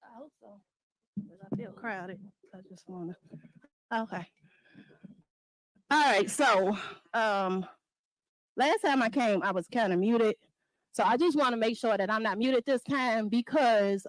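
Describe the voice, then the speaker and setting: Resident woman, high voice, dry mic, fiery public comment. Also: unhurried, long pauses, dry recording, rough recording. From Dolton, Illinois area. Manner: impassioned, confrontational, addressing the mayor directly. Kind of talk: public comment at a village board meeting. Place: village board meeting room.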